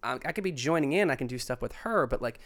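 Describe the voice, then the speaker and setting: A man's voice: medium pitch, expressive, quick pace, a bit bright. Rambling man full of filler words. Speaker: podcast guest. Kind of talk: candid casual chat. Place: home living room, remote call.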